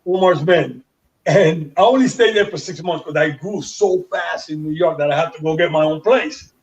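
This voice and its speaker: Guy from panama telling stories in an interview, kinda high voice, acts out all the dialogue, mic far off and muffled. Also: normal speed. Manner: animated storyteller who acts out others' dialogue. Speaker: guest. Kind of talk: casual storytelling interview. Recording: distant mic, dull lo-fi sound.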